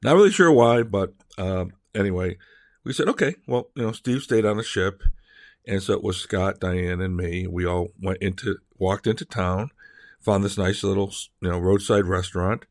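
A man's voice: low voice, moderate pace, a little mellow, no echo, clean studio sound. A middle-aged man telling rambling family stories in a casual way and acting out the voices he quotes. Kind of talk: casual personal storytelling.

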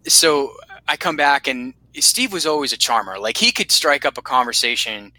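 Guy in his 30s spinning swear-heavy army stories, real bright voice, dry close sound. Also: medium pitch, normal speed, no echo, low-quality recording. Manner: profane, animated storyteller who acts out quotes. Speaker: guest telling war stories. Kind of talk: casual storytelling.

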